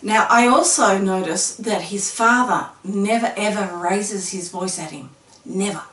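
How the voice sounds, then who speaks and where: A woman's voice: mid-range voice, measured pace, fairly bright tone. A woman interviewer who asks leading questions and affirms each answer, recorded in a casual interview. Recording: echoey room, mic at a distance.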